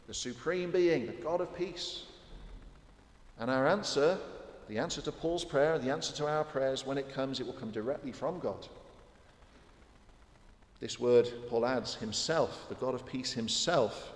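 Preacher, male, mid-pitched, earnest and repetitive, sermon in a reverberant church hall. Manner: earnest, repetitive exhortation with direct questions to listeners.

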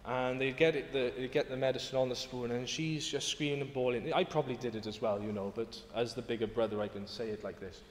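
A man's voice: medium pitch, fairly even intonation, quick pace, hardly any pauses, slight background noise. A man preaching a sermon in a church, earnest and emphatic, often rising to exclamations. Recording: echoey hall with long reverb.

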